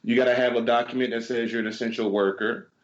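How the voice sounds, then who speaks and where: Fast-talking man telling stories loosely. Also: mid-range voice, muffled recording. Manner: animated storyteller, swears freely, acts out exchanges. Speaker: podcast co-host. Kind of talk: casual chat, storytelling.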